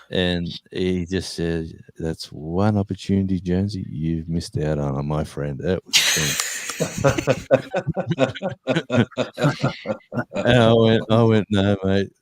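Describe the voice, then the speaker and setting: An older man spins a rambling tale in a very low, deep voice. The sound is dry and close, with no room around it. He talks casually, breaking off and restarting as he goes. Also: clean tone, no echo. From Australia. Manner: rambling anecdotes with restarts and laughter. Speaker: live chat host. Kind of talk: casual storytelling chat.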